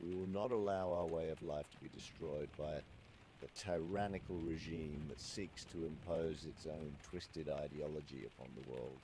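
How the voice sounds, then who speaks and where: A man's voice: very deep voice, steady tone, normal speed, mellow, slight background noise. A man playing a stern male prime minister giving a solemn, formal wartime address. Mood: grave. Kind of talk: mock political speech.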